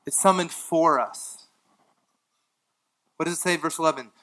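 A man preaching a sermon in a bright, forceful voice pitched a little high. He swings from emphatic lines to hushed ones and drops in casual asides with light laughs. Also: normal speed, long pauses, rough recording. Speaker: pastor.

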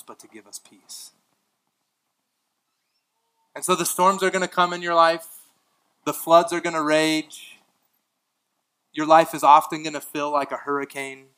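A male pastor preaching a sermon, swinging from emphatic lines to hushed ones, with casual asides and light laughs. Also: a little high, steady tone, normal speed, rough recording.

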